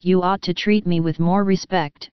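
A mischievous young husband, full of teasing good cheer, as a woman puts him on in a storybook reading. The voice is low-set and very smooth, close and dry, with slightly dull sound. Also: fairly even intonation, normal speed, dry recording, lightly acted. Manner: teasing, playful.

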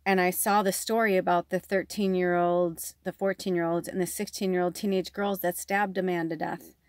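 A woman's voice: fairly low pitch, little pitch movement, moderate pace, dry recording, clean studio sound. A woman speaking as a psychic medium in an emotional personal vlog, sounding worn out and distraught, swearing often and filling her talk with "like". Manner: frequent swearing and filler 'like'. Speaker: psychic medium and card reader.

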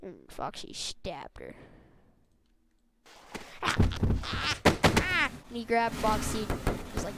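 Breathless narrator making sound effects. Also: female voice, medium pitch, unhurried. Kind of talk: excited gameplay narration. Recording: loud background noise.

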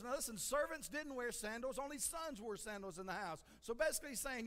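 Brief: male pastor, high-pitched, earnest conversational preaching, long church reverb. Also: animated, a little fast, hardly any pauses, fairly bright tone. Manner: earnest, conversational, repeats "listen" for emphasis. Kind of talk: sermon. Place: church sanctuary.

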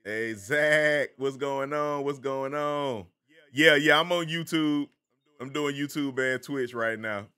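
A man's voice: mid-range voice, slow pace, pushed and bright, clean tone. A man with a Southern American accent, from the Carolinas, casually chatting with viewers by name while streaming a game. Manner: laid-back, chatty, greets viewers by name.

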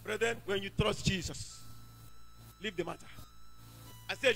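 A man's voice: high voice, a little slow, pauses often, bright, forceful tone, soft background music, poor audio. A man with a Nigerian accent gives an emphatic testimony in a church service, telling his story and bursting into praise. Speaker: church member giving testimony.

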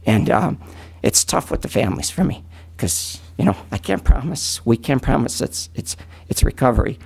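A man in his fifties testifies at a county meeting as a recovery advocate. His voice sits at an ordinary middle pitch, and his delivery is earnest and halting as he keeps choking up with emotion. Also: big pitch swings, vocal fry, a little mellow, breathy edge.

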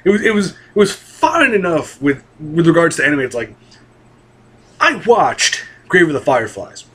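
A man's voice: on the high side, big pitch swings, normal speed, a bit bright, husky. A young man talking casually and rambling about anime, swearing freely and restarting his sentences with lots of fillers. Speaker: anime vlogger.

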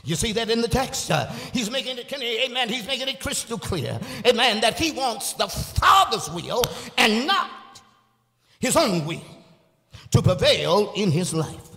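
High-voiced man preaching a slow, lively sermon. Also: creaky. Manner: call-and-response preaching with frequent "uh" and "amen"; drawn-out emphatic phrases, rising to shouts. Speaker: evangelist preacher. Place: church sanctuary. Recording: live church recording with long hall reverb.

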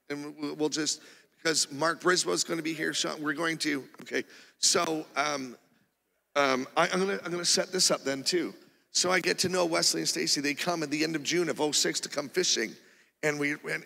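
Gravelly, bright-voiced pastor. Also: male voice, on the high side. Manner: animated, rambling storytelling with many restarts. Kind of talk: testimony sermon. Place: church auditorium. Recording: long reverb of a church hall.

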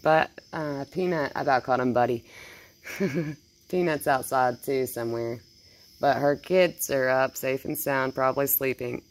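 A woman talking casually and cooing praise in a soft, baby-talk tone, outdoors at night. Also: a bass voice, a little slow. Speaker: vlogger. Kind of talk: casual talk to a wild animal.

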